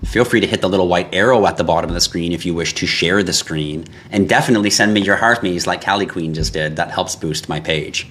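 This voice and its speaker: A man's voice: low-pitched, quick pace, hardly any pauses, slight background noise. A man hosting a live stream, reading out viewer questions and answering them bluntly, with lots of swearing. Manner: blunt and profane, gets irritated and animated. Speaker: livestream host. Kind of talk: casual livestream chat reading comments.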